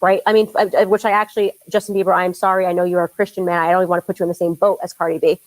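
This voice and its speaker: A woman's voice: fairly low pitch, flat delivery, very fast, rough recording. A woman giving political commentary in a played clip, arguing and mocking. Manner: argumentative, mocking.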